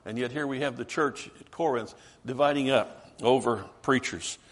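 A man preaching a sermon emphatically, asking rhetorical questions and slowing down for stress. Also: mid-range voice.

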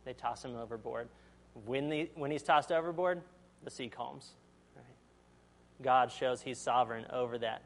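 A man's voice: mid-range voice, moderate pace. A man preaching a sermon, reading scripture aloud and then explaining it in a conversational way, asking the audience questions and acting out the quotes. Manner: acts out quotes in voices.

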